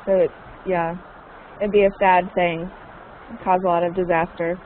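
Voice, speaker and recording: A woman's voice: on the low side, flat delivery, normal speed, slight background noise. Woman teacher on a tinny line. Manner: patient, repeats questions, explains words. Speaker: English teacher. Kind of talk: online group class. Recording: tinny phone-like audio.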